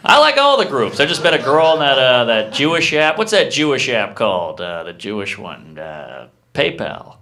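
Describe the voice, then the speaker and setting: A man doing a stand-up comedy set in a live club, delivering deadpan one-liners with quick asides to the crowd. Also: medium pitch.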